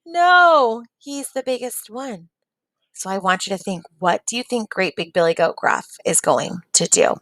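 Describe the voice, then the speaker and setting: A woman teaching a reading lesson, pausing to ask the class encouraging questions. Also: medium pitch, animated, a bit bright, no echo.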